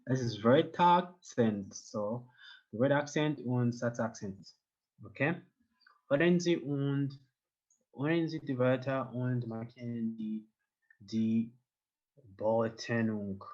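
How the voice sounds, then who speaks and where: A man leads an online German class, explaining things in English and slipping German phrases in. He speaks slowly and patiently, with a joking edge. The audio is dull and lo-fi. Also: medium pitch, a little mellow. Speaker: German teacher.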